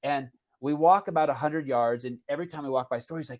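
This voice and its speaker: Podcast host, male, rambling animated storyteller, casual chat, mid pitch. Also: quick pace, hardly any pauses. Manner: animated, rambling with restarts and fillers.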